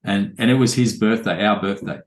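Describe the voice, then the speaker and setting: Low-voiced man telling stories. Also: steady tone, fairly quick, echoey room. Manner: casual, rambling anecdotes with quoted dialogue. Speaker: trainer. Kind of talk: storytelling in a podcast interview.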